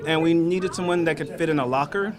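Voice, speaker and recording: A chatty, joking man with a fairly high voice introduces his castmates at a premiere. A busy crowd buzzes behind him outdoors. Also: a little fast. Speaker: film cast member. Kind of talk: casual event interview. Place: outdoor red carpet premiere.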